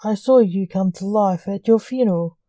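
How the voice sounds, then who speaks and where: A man's voice: sits high, moderate pace, no echo, lightly acted. A woman reading a curt menacing male blackmailer. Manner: curt, snapping, dark.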